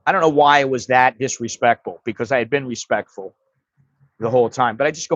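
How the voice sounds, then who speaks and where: A man's voice: medium pitch, brisk, a bit bright, no echo, lo-fi sound. A man hosting a livestream, telling a story in a blunt, profane, casual way. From United States. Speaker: livestream host.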